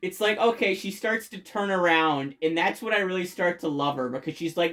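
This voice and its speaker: This is a casual, rambling game review from an eager fan whose pitch sits in the middle range. The speaker swears nearly every sentence and keeps stumbling through fillers and restarts. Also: brisk, hardly any pauses, a bit bright. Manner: enthusiastic.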